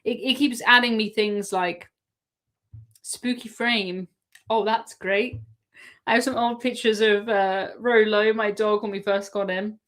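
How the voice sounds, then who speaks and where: This English host of a cruise live stream, from England, keeps things casual as she answers viewer questions and laughs often. She has a mid-range, slightly bright voice with fairly even intonation and an unhurried delivery.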